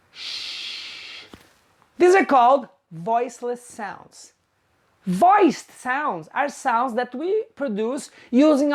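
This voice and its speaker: A woman teaching English pronunciation, saying each example sound slowly and deliberately. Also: a little high. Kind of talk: slow pronunciation lesson.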